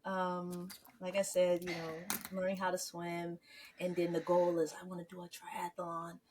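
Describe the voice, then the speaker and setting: A woman hosting a podcast interview, talking casually and softly. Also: fairly low pitch, completely flat delivery, measured pace, background noise. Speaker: podcast host.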